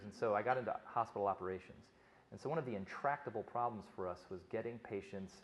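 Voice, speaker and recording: Middle-aged man, doctor addressing a conference crowd, low voice, rapid chatty delivery with restarts. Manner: fast, conversational storytelling with frequent restarts. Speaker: physician giving a talk. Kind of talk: conference talk to an audience.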